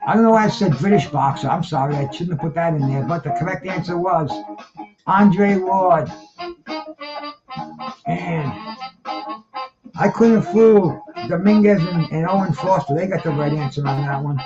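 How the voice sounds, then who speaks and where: A man's voice: on the high side, normal speed, pauses often. A man in his seventies hosting a live-stream trivia show, talking in a rambling, laid-back way and calling everyone "man". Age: 70s. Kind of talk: casual live-stream chat. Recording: dull lo-fi sound with live band music. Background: jazz band music.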